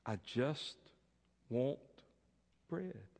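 A tired, quiet beggar man, as a preacher acts him out, speaking low and subdued in a plain, soft voice. The voice rings through a long church reverb. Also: a little fast, natural voice. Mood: weary. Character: weary, quiet male beggar asking for bread.

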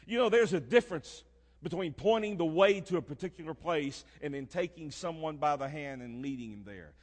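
An older man preaching a sermon in a church, swinging from soft, low murmurs to loud, emphatic declarations. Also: expressive, fairly quick. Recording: long reverb of a church hall.

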